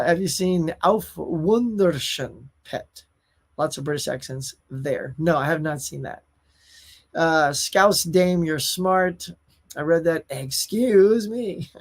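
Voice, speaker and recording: A man hosting a casual live stream, chatting about new movie releases and reading out viewer comments, often calling his viewers y'all. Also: fairly high pitch. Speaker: host.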